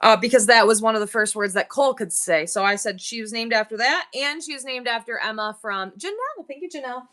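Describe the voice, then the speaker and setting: A woman's voice: fairly high pitch, fast, few pauses, a bit bright. A woman hosting a live online sale, rambling through family stories while thanking viewers by name. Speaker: live-stream seller. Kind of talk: chatty live-sale banter.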